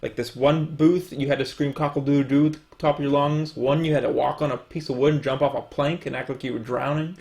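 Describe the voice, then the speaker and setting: A man co-hosting a podcast, talking casually in an animated, rambling way with frequent laughs. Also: medium pitch, brisk, gravelly, hardly any pauses. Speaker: podcast co-host. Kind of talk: casual chat.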